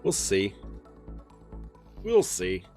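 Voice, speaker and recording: A male podcast host rambles through a casual livestream pre-show in a somewhat low voice. He jokes freely, trails off mid-thought and laughs often. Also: huge pitch swings, extremely slow, a little mellow, faint music behind.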